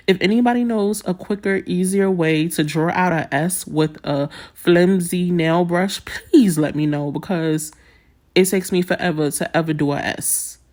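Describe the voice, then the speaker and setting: A young woman from New York talks casually to her viewers while working on nail art. Her New York accent carries a slight Southern twang, and her voice sits a bit low for a woman. She laughs often and keeps calling her audience y'all. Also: darkish tone. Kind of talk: casual chat while doing nails.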